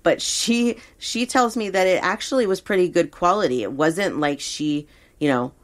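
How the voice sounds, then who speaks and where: A woman hosting a podcast as a psychic medium, talking in a relaxed, hesitant way with many fillers. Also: lowish voice, moderate pace. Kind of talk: casual podcast reading.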